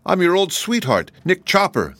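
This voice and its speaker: A man voicing a gentle, earnest tin woodman. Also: high-pitched, wildly swooping pitch, moderate pace, dry recording, pitched above the performer's own voice, full character voice.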